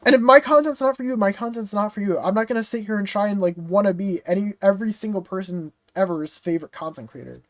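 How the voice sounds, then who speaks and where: A content creator talking straight to the viewers in a frustrated, rambling rant, leaning on fillers and casual swearing. The voice sits at a middle pitch. It is recorded close and dry, with no room echo. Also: quick pace, few pauses. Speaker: game reaction content creator. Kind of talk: casual direct-to-camera rant.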